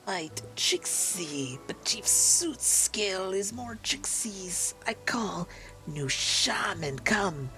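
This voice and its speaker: A gamer voicing a small, proud male kobold chief who speaks in slow, broken phrases. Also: mid-range voice, animated, bright, forceful tone, soft background music, pitched above the performer's own voice, exaggerated voice. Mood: boastful. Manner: broken grammar, slow and stubborn.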